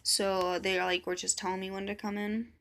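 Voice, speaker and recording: A woman's voice: mid-range voice, level tone, normal speed, a bit bright. A woman telling a personal story in a casual vlog, blunt and swearing freely as she quotes others. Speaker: vlogger.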